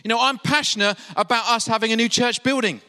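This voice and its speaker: A man's voice: very high-pitched, quick pace, pushed and bright, clear, resonant tone, big-room sound. A man from England preaching a sermon as pastor, asking his listeners questions and acting out the quotes he tells.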